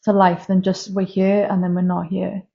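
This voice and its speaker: A woman's voice: lowish voice, level tone, normal speed, vocal fry. A woman in her thirties, a guest medium, telling candid and emotional personal stories in a casual interview. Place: castle room, filmed live. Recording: slightly dull lo-fi sound.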